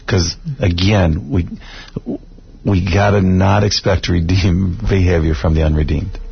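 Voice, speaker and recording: Middle-aged male Bible teacher, very low raspy voice, earnest radio guest, dull recording. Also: steady tone, slight background noise. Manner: earnest, measured, quotes scripture. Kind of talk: radio talk show conversation.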